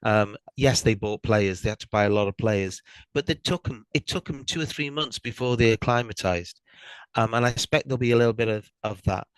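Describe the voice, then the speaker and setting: A middle-aged Welsh man guesting on a podcast, speaking in a thoughtful, hesitant way with many pauses. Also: medium pitch, clean tone, dry recording, low-quality recording. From Wales. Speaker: guest fan. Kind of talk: casual podcast chat.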